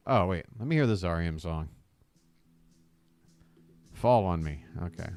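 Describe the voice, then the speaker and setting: A man streaming a game live, griping, trash-talking his opponent and complaining about his bad luck in a casual, animated way. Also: low-pitched, a little slow, pauses often. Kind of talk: casual live-stream commentary while gaming. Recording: loud music playing behind. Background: loud music.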